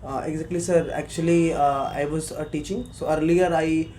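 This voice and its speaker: A young man from Bihar speaks with an Indian accent, answering as a candidate in a mock job interview. His voice sits a little high but sounds soft and mellow, with a faint hiss of noise behind it. He hesitates a lot, then pushes his point harder when challenged. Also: fairly even intonation, moderate pace. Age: 20s. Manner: hesitant, many fillers, grows insistent when arguing.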